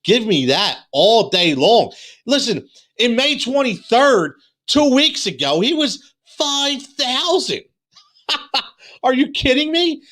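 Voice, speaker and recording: On a fantasy sports live show, a slightly high-voiced male host chats excitedly, repeating himself, using many fillers, and restarting sentences. He mentions that he's losing his voice.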